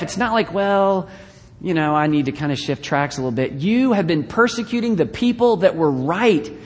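Man preaching in a reverberant hall. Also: fairly high pitch. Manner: conversational with joking asides; swings between loud bursts and quiet, hushed lines. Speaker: pastor. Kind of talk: sermon. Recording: long reverb of a large hall.

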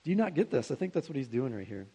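A man's voice: medium pitch, very animated, rapid-fire, mellow, breathy edge. A young man preaching a sermon to students, in a conversational and earnest way, with rhetorical questions.

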